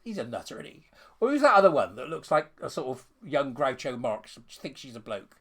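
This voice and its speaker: A man's voice: medium pitch, big pitch swings, brisk, a bit bright, slightly rough. A man giving scornful, sarcastic ranting commentary while reading out a letter.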